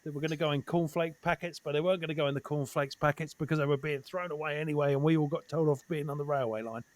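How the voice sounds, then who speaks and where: A fairly high-pitched man from Essex chatting as a comedian guest, animated and sweary and hammering his points with repetition. His voice sits close and dry on the mic. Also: fast, no echo. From Essex, England. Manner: animated, sweary, repeats himself for emphasis. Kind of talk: casual chat.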